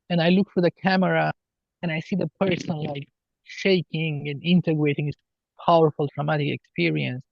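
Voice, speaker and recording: Man, podcast guest, earnest spiritual talk, higher voice, dull dry sound. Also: steady tone, gravelly, dry recording. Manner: slow, earnest, spiritual explaining. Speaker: guest healer. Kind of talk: podcast interview.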